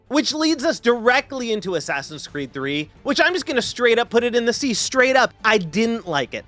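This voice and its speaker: Male gaming host, casual and foul-mouthed, voice leaping up and down, faint music underneath. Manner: animated, profane, swings pitch freely. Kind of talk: casual ranking commentary.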